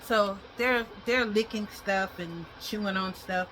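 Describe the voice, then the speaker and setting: A woman's voice: mid-range voice, unhurried, noisy background. A woman chatting casually in a home vlog while brushing her dog's teeth, rambling and switching to coaxing baby talk. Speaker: dog owner vlogger.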